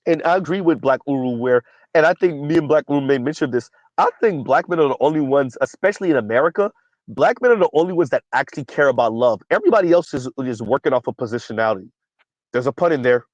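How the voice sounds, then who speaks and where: A man hosts a casual commentary stream, reading viewer comments aloud and talking in a loose, conversational way. He keeps checking in with "right?" and has a slight dry cough. His voice sits at a middle pitch and is picked up close and dry, with no room echo. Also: expressive, quick pace, darkish tone, dull audio. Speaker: commentary channel host.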